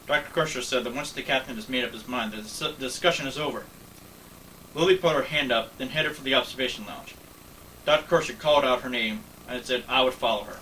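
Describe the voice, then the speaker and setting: A man reading a fan story aloud in plain, slightly halting narration, recorded from a distance with faint background noise. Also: mid-range voice, pushed and bright. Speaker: story reader.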